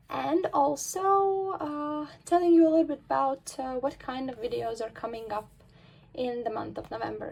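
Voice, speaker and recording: High husky woman budget vlogger. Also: darkish tone, poor audio. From Baltic states. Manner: chatty, with frequent fillers and counting aloud. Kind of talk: casual talk to camera.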